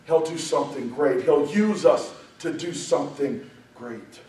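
A man preaching a sermon, speaking emphatically and building to loud, passionate peaks. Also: a little high, normal speed. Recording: very echoey room, voice far from the mic.

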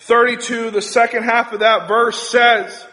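A man preaching a sermon with passion, driving points home through repeated phrases and shouted emphasis. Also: extremely high pitch, little pitch movement, a little slow. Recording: echoey hall with long reverb.

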